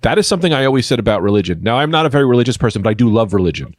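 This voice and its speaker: A man riffing through an improvised comedy podcast, rambling and deadpan-absurd, speaking into a studio microphone. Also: medium pitch, very fast, no echo. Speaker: podcast co-host.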